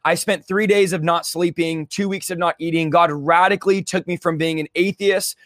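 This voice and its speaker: A man's voice: on the high side, fairly even intonation, normal speed, a bit bright, no echo, clean studio sound. A young man from California telling a fervent, casual story, using slang like "bro" and "dude". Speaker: guest telling his testimony. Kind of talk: conversational interview storytelling.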